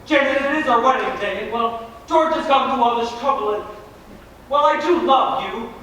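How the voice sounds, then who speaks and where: A man's voice: extremely high pitch, moderate pace, bright, forceful tone, a little hiss or hum. A young man playing an earnest lovesick groom. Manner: pleading, earnest. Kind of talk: school stage musical. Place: school stage. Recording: echoey hall from far off.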